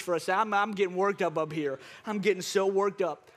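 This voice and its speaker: A man's voice: high voice, a little fast. A male pastor preaching a sermon with impassioned, repetitive exhortations.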